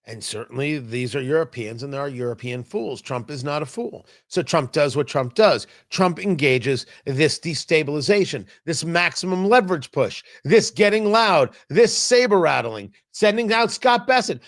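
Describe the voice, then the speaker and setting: A male talk show host with a fairly high voice that swings widely up and down. He argues his points with energy and acts out quotes with sudden loud bursts. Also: expressive, normal speed, few pauses. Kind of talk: opinionated political talk.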